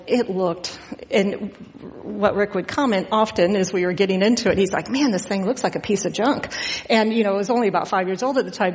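A middle-aged woman preaches a relaxed, conversational sermon, rambling into homey anecdotes with plenty of ums. Her mid-pitched voice carries through a church sanctuary with a long, lingering reverb. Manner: chatty and storytelling, frequent fillers and laughs. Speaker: guest preacher. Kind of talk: informal Father's Day sermon.

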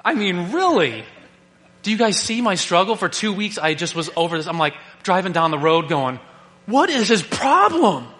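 A male pastor preaching a sermon, animated and joking, who keeps asking rhetorical questions. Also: high voice, normal speed. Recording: long reverb of a large hall.

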